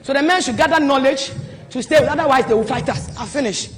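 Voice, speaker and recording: Woman preacher, high voice, animated delivery, long hall reverb. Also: fast, noisy background. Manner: animated, swings from soft to loud exclamations. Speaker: prophetess. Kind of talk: preaching at a marriage conference.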